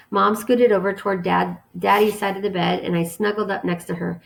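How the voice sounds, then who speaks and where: A woman teacher reading a novel aloud to her students in a calm, steady storytelling manner. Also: medium pitch, fairly quick, vocal fry.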